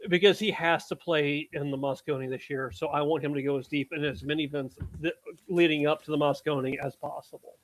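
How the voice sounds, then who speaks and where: A man hosting a casual podcast chat, chatty and quick to laugh. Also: fairly high pitch, fairly even intonation, slight background noise.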